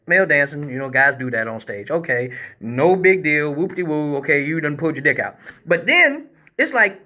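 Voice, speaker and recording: A man hosting a live stream, telling a crude comic story in a casual, animated way. He swears freely and acts out scenes with sound effects. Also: fairly high pitch. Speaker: male exotic dancer, live-stream host.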